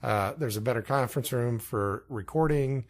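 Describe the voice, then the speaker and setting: A man co-hosting a podcast tells an anecdote in a loose, chatty way, laughing often as he goes. His voice sits at an ordinary middle pitch. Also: normal speed. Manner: laughing, animated anecdote telling. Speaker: podcast co-host. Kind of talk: casual storytelling.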